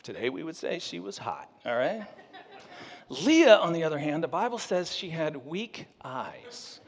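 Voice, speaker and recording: A pastor telling a story in a humorous sermon, animated and joking with his audience. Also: a little high, unhurried, long reverb tail.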